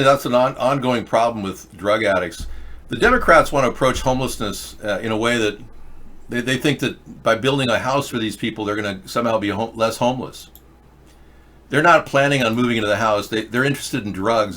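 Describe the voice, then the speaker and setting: A man's voice: lowish voice, lively intonation, a little fast, fairly bright tone. An older man hosting a show, giving rambling, opinionated commentary on video clips with frequent restarts. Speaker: host.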